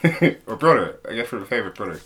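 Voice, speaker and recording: A man's voice: lowish voice, sing-song, fast talker, fairly bright tone. A man co-hosting a podcast, chatting casually and spinning out silly, rambling comparisons. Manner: jokey, rambling, builds absurd comparisons. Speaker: podcast co-host. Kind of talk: casual comedic chat.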